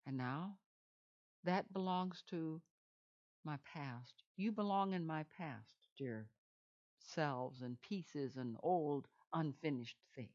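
A woman leads a guided meditation in a gentle, soothing voice. She speaks very slowly and repeats her phrases, and her voice sits a little low. The recording sounds dull and lo-fi. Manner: slow, soothing, repetitive phrasing.

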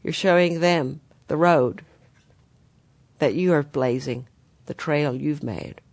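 A spiritual teacher speaks in a gentle, guiding way to the listeners, whom the teacher calls dear ones. The voice sits at an ordinary middle pitch. The recording is dry, with no room sound. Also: slow pace, dry recording.

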